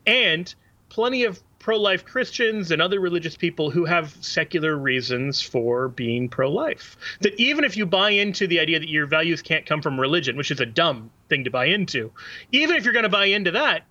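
Man, earnest, bright tense voice, slightly high, dull lo-fi sound. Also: very animated, brisk, dry recording. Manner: earnest, fluent, quotes sources. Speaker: co-host. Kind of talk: talk show discussion.

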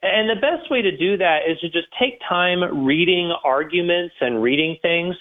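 A man's voice: high-pitched, moderate pace. Man explaining on a tinny line. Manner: earnest, explanatory, with restarts. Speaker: guest apologist. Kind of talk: casual radio call-in answers.

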